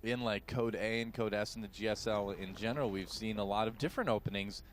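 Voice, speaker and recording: A man's voice: lowish voice, steady tone, fast. A man giving analytical color commentary on a strategy game match, chatty and wry. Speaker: esports co-caster.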